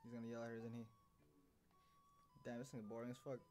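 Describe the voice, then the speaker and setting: A man's voice: mid-range voice, completely flat delivery, fast talker. A young man casually reacting to an anime episode, swearing and laughing often. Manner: loose, profane, laughing asides.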